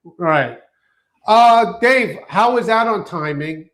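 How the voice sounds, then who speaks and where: Male host, high voice, chatty and joking, restarts sentences a lot. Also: expressive, slow, a bit bright. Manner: loose, joking banter with many restarts. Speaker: show host. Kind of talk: casual podcast chat.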